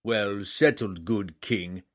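Booming, blunt giant king for a storybook, voiced by a man reading aloud. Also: slow. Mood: commanding. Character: gruff one-eyed giant warrior king.

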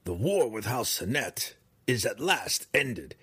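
A man voicing a cunning female drow high priestess who shifts from false sweetness to cold command, raised in pitch. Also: sing-song, slow pace, pushed and bright, breathy edge, no room sound, exaggerated voice. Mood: coaxing. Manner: falsely sweet, then imperious.

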